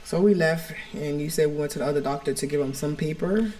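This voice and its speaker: A woman's voice: low voice, fast, warm tone. A woman co-hosting a podcast from home, telling a personal story in a frank, rambling way full of "like" and "you know". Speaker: podcast co-host.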